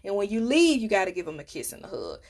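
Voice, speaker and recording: A young adult woman hosting a podcast, telling personal stories in a casual, animated and playful way, often laughing. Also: medium pitch, fast. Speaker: podcast host. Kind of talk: casual storytelling monologue.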